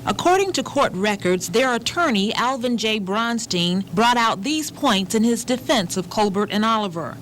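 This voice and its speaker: A woman narrating a public television documentary in a measured, formal reading. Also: a little high, animated, fairly bright tone, slight background noise, rough recording. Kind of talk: scripted narration.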